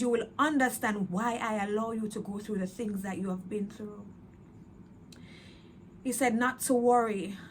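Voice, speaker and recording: Woman, mid-pitched and slow-spoken, earnest personal testimony with many pauses. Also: fairly bright tone, a little hiss or hum. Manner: slow, reflective, frequent pauses and fillers; earnest, emotionally open. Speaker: faith testimony vlogger.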